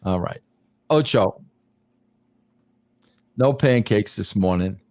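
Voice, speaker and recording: A man's voice: fairly low pitch, expressive, a little mellow, dry recording. Laid-back man in a dry recording. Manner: laid-back, drawn-out, says bro a lot. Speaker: podcast host. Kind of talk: casual chat, reading out viewer messages.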